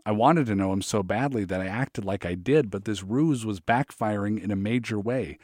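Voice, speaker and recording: A man narrating his memoir in a measured, reflective way. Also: fairly low pitch, darkish tone, no room sound, studio quality.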